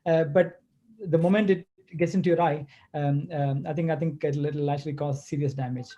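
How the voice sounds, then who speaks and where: A man from Kerala, India, answering questions as a guest lecturer in a webinar, speaking haltingly with many restarts over a video call. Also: on the high side, steady tone, warm tone, highs cut off. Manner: halting, hesitant, full of restarts.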